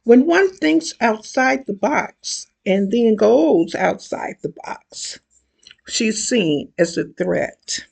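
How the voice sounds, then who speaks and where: A woman voicing a wry, thoughtful woman psychologist friend in a husky, gravelly voice, musing and slipping into a whisper. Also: fairly high pitch, animated, slow, few pauses, a little mellow, heavily acted.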